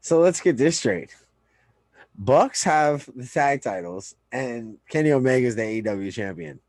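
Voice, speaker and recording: A man's voice: medium pitch, animated, unhurried, a little mellow, dry recording. A man co-hosting a podcast, reviewing wrestling in a loose, profane casual chat and often trailing off mid-sentence. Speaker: podcast co-host.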